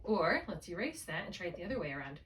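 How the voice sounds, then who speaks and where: A woman's voice: fairly low pitch, sing-song, fast, fairly bright tone, distant mic, slight background noise. A woman tutoring a student one-on-one in a spelling lesson over a video call, explaining each step patiently and checking in with questions. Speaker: reading tutor. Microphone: laptop mic, held while writing.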